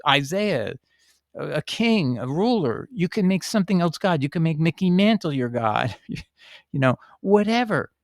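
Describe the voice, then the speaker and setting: A man's voice: mid-range voice, creaky, dry recording. Emphatic, argumentative man, dry close sound. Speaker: video host answering a viewer. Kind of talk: reading a letter and commenting.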